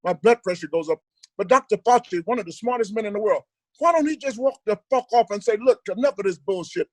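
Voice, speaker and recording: An older male comedian chatting on a video call, ranting with animated, profane energy while holding his phone. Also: high voice, quick pace, dry recording. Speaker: comedian guest. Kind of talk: casual video call chat. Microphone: handheld phone on video call.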